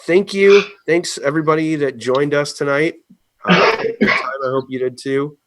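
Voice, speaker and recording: A man's voice: a little high, big pitch swings, normal speed, fairly bright tone, no room sound. A man hosting a casual live video chat over a call, laid-back and teasing, often chuckling. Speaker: host.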